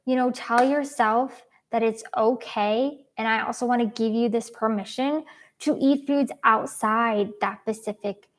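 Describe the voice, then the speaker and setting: A woman's voice: fairly high pitch, steady tone, measured pace. A young adult woman giving casual, earnest advice as a dietitian host, with frequent ums.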